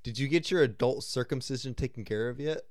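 A man's voice: medium pitch, a little fast, darkish tone, no echo, studio quality. A young man hosting a casual podcast, reading out game cards and joking with friends. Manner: joking, reads cards aloud, laughs often. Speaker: podcast host. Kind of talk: casual chat over a card game.

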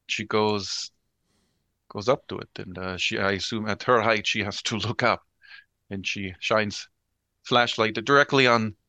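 A man's voice: lowish voice, steady tone, measured pace, sharp tone, no echo. A man playing a tabletop horror game, hesitantly describing his character's actions with many fillers. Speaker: player.

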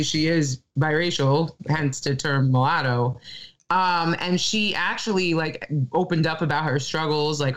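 A woman's voice: low-pitched, a bit bright. A middle-aged woman co-hosting a casual podcast chat, opinionated and laughing between her points. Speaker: podcast co-host.

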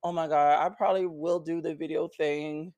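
Profane, excitable man hosting a podcast. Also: fairly high pitch, normal speed, no room sound. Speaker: podcast host. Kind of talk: casual chat with friends. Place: vacation house.

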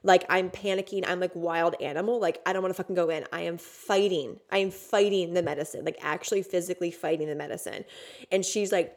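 With a fairly low, darkish voice and a slightly fast delivery, a woman recounts a personal story on her podcast. She is candid and emotional, and she curses a lot.

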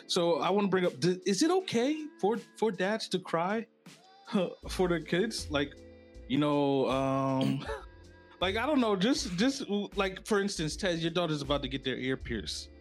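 A man co-hosting a casual podcast chat, animated and laughing, acting out quotes in his stories. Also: high voice, unhurried, faint music behind. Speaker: podcast co-host.

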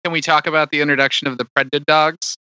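A man co-hosting a casual movie podcast, animated and incredulous. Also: a little high, racing, no room sound, highs cut off. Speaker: podcast co-host. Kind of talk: casual movie review chat.

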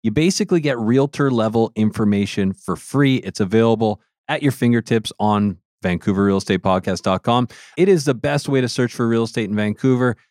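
A man's voice: mid-range voice, a little fast, hardly any pauses, darkish tone, no echo, studio quality. A man with a West Coast Canadian accent, co-hosting a casual podcast in an upbeat, enthusiastic way. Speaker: podcast co-host.

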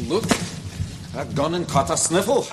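An actor playing a fussy, indignant castle butler in a film clip. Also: male voice, a little high, lively intonation, moderate pace, natural voice. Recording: film clip with loud background noise.

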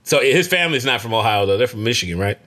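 A man's voice: mid-range voice, expressive, fast talker, bright, forceful tone. A man from the United States hosting a podcast, telling stories and joking, laughing often. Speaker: podcast host. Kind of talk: casual podcast banter.

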